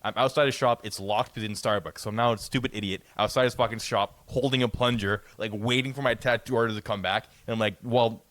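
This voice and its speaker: A man co-hosts a podcast and tells his story in a loose, rambling way. He stumbles over his words and swears a lot. His voice sits at a middling pitch and comes across dry and close to the mic, with no room sound. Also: steady tone, quick pace, hardly any pauses, a bit bright, no room sound. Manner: rambling, swearing, stammering restarts. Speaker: podcast co-host. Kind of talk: casual storytelling.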